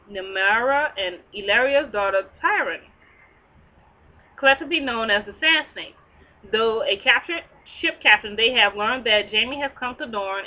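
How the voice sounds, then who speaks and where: A woman's voice: on the high side, lo-fi sound. A woman hosting a casual episode recap, reading plot summaries and breaking in with sassy, slangy asides. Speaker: recap show host.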